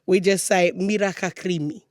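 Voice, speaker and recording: A woman's voice: fairly low pitch, fairly even intonation, moderate pace, a little mellow, no room sound, studio quality. A woman co-hosting a podcast, upbeat and teacherly as she explains phrases. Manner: upbeat, teacherly, laughs often. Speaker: podcast co-host. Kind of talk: casual chat, teaching phrases.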